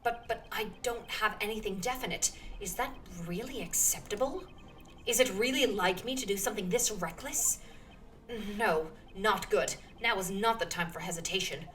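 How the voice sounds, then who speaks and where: A woman voicing an earnest young male lawyer who doubts himself, reading game text aloud in a measured, plain voice. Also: medium pitch, fairly bright tone, recorded from a distance, lightly acted. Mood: earnest, worried.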